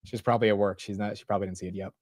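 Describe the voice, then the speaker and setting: Slangy, excitable young man, dry sound. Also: lowish voice, very fast, dry recording. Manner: slangy, excitable, says bro and dude often; rambling with frequent restarts. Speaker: stock market livestream host. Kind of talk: casual live market commentary.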